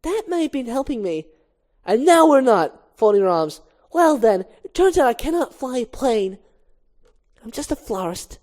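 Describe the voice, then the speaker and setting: A panicking young florist, flustered and out of her depth at the controls of a plane, as a woman reads her lines aloud. Her voice climbs high and loud once the panic takes over. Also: sing-song, normal speed. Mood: panicky. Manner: flustered, rising into panicked yelling.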